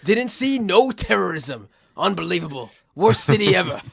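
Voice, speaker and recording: A man's voice: high voice, sing-song, moderate pace, vocal fry, breathy edge, dry recording, clean studio sound, heavily acted. A man voicing a racist Southern white man, a grumbling tourist, with a put-on Southern US accent. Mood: mock complaint.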